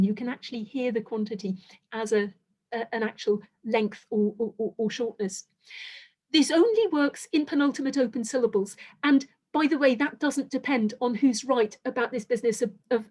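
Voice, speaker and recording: A woman's voice: on the high side, a little mellow. A middle-aged woman lecturing on linguistics, explaining step by step in a careful, methodical way, with frequent restarts and self-corrections. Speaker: university lecturer. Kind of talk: academic lecture.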